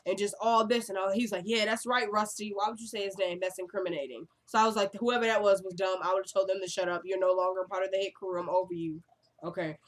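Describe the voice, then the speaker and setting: Speaking quickly with fairly even intonation and a medium pitch, a young woman runs through a TV episode in a casual recap. She acts out what the characters say and scatters "like" and "y'all" throughout.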